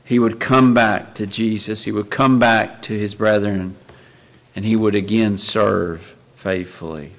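A man's voice: on the low side, steady tone, unhurried. A man preaching a sermon in an earnest way, often asking his listeners rhetorical questions.

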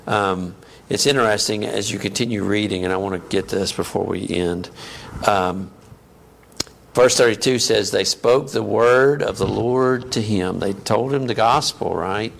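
A man delivering a sermon at an unhurried pace, with a gravelly, creaky edge to his voice. He teaches conversationally and keeps turning to the congregation with questions. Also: on the low side, slight background noise. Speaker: preacher.

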